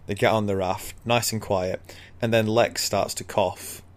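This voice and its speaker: A man's voice: fairly low pitch, steady tone, unhurried. A man casually retelling a book chapter as a podcast co-host, laid-back and laughing often.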